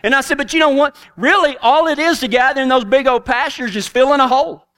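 A man's voice: very high voice, fast, sharp tone. A middle-aged man with a Texan accent, telling a folksy story as a cowboy preacher in a sermon. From Texas.

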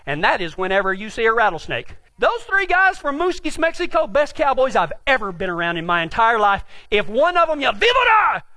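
Brief: Texan man, very high bright voice, animated folksy storyteller, lively delivery. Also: no room sound. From Texas. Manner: animated, folksy, self-mocking. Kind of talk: humorous storytelling.

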